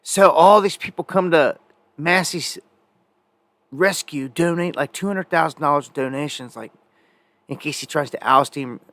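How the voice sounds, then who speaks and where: A man's voice: fairly high pitch, moderate pace, fairly bright tone, no room sound. A man hosting a live independent news show, talking in a rambling, conversational way with many fillers and restarts. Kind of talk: casual live news commentary.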